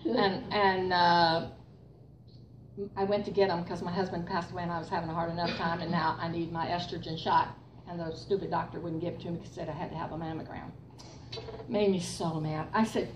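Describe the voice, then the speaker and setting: An older woman telling a faith testimony to a church group, animated and storytelling. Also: lowish voice, fairly quick, muffled recording. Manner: animated storytelling, laughing through excited parts. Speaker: speaker giving a testimony. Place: room with a gathered group. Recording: roomy, distant mic with faint noise.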